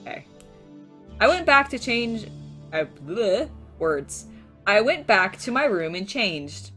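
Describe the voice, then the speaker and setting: Woman reading the heroine in a game, mid-pitched and animated, tossing in bemused remarks. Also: slow pace, soft background music. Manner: chatty, bemused reading with side comments. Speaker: let's play co-host reading the heroine. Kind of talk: reading a visual novel aloud.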